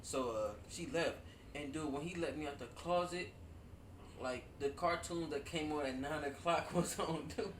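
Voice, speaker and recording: Man, casual storytelling, laughing and swearing, slightly high voice, roomy echo. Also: moderate pace, distant mic, a little hiss or hum. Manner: animated, profane, laughs often, says "dude" a lot. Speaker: storyteller among friends. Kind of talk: casual chat. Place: at home with friends over wine. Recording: roomy, away from the mic.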